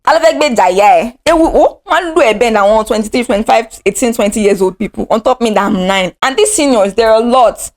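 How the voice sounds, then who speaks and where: A woman's voice: a little high, a little fast, hardly any pauses. A young adult woman with a Nigerian accent, casually telling a dramatic story from her own life. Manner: animated, dramatic retelling. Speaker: vlogger.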